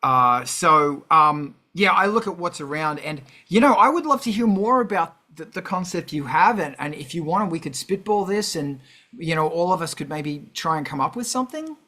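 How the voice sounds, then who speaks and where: A man hosting a casual livestream chat, rambling and animated with many fillers and restarts. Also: on the high side, normal speed. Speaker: host.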